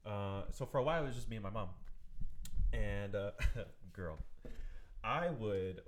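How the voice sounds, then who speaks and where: A man's voice: on the low side, normal speed, a little hiss or hum. A man in his twenties, a podcast co-host, telling stories in a chatty, campy way and laughing often while hungover. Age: 20s. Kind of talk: casual chat.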